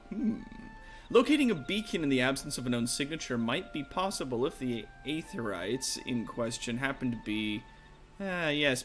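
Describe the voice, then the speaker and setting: A man voicing a careful female scholar, speaking formally and measuredly in a softer, lower tone.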